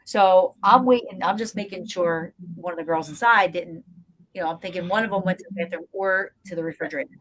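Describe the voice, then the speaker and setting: This woman, a guest paranormal investigator, speaks briskly in a lowish voice while animatedly telling a ghost-hunting tale and performing each character's voice. The casual chat has poor audio with a slight hiss or hum.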